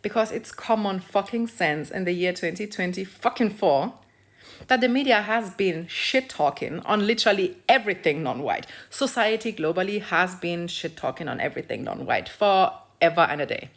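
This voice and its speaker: A woman's voice: fairly low pitch, lively intonation, moderate pace. A young African woman ranting in a blunt, profane vlog of social commentary, lecturing and repeating phrases for emphasis. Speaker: video creator.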